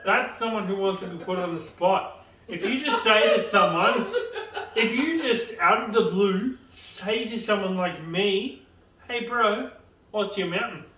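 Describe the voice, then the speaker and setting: A man, co-hosting a casual podcast in an animated, mock-defensive way. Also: high-pitched, a little slow. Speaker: podcast co-host. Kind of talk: casual chat. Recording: roomy and distant, faint background noise.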